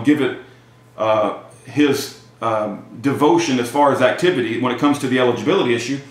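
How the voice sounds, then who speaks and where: A man talking in a halting casual monologue full of fillers and restarts, and at times reading aloud from a text. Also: mid-range voice. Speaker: video commentator. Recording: very echoey room.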